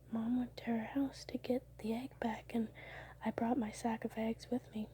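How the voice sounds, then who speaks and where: A young woman whispering close to the mic at home late at night, telling her dreams in a soft ASMR style and now and then breaking into laughs. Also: fairly high pitch, slight background noise. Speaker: ASMR creator.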